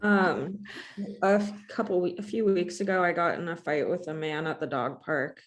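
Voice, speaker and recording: A young woman co-hosting a podcast, chatting casually and telling an animated story, acting out both sides of an argument. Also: lowish voice, normal speed. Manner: animated storytelling, acts out quoted exchanges. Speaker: podcast co-host. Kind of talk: casual chat.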